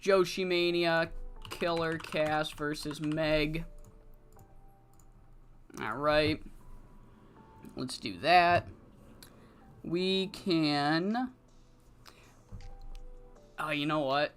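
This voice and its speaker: A woman streaming a wrestling management game, swearing freely and swinging between quiet muttering and frustrated outbursts. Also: deep voice, drawn-out words, pauses often, smooth, faint music behind. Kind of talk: live-streamed gameplay commentary.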